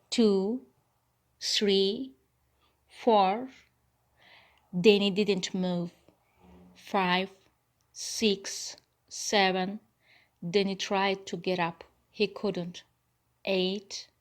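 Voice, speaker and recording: Woman narrator, graded reader audiobook, clear and deliberate, slow, medium pitch. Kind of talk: slow scripted narration for learners.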